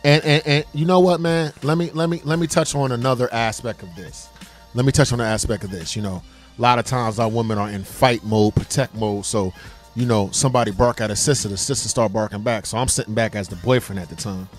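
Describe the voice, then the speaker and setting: A man's voice: mid-range voice, fairly even intonation, brisk, faint music behind. A man in his forties co-hosting a casual talk radio show, speaking in an impassioned, emphatic way. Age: 40s. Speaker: co-host.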